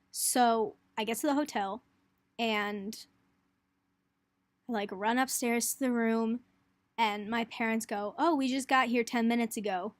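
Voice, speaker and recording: In a casual vlog, a young woman in college rattles off the tale of a frantic trip, breathless and full of "like," acting out each quote. The recording has no echo, and her voice is slightly high.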